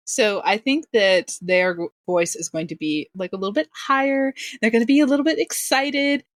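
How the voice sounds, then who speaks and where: A woman's voice: on the high side, normal speed, no room sound, clean studio sound. A woman talking as a guest on a podcast, a game master who chats casually and laughs often at herself. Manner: laughs often, self-deprecating. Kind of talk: casual interview chat.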